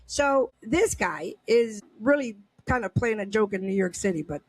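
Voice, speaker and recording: A woman's voice: mid-range voice, animated, normal speed, slightly rough, no room sound. A woman hosting a casual podcast, reading news aloud and reacting with indignant rhetorical questions and many restarts. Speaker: podcast host.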